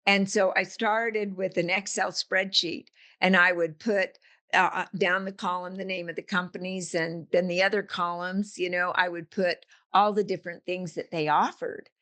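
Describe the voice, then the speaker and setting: In a relaxed interview, a guest who coaches businesses and writes books shares stories built on vivid analogies. She's an older woman whose voice sits on the low side, pushed and bright, with a level tone at a normal speed.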